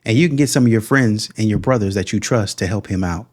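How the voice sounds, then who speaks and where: A man's voice: fairly low pitch, fast talker, a little mellow. A man hosting a reaction video, mocking the clips he plays with sarcastic, scornful commentary. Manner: sarcastic, scornful, puts on mocking quoted voices.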